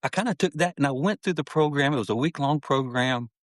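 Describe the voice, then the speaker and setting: A man's voice: on the high side, quick pace, no room sound. A middle-aged man telling his life story as a podcast guest, earnest and heartfelt, often saying "man" as he talks. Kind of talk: personal storytelling in an interview.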